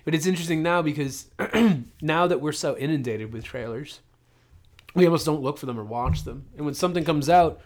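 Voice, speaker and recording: A man's voice: a little high, fairly quick, a little mellow. A man co-hosting a movie podcast, talking loosely with lots of fillers and swearing. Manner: loose, profane, rambling with many fillers. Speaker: podcast co-host. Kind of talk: casual movie review chat.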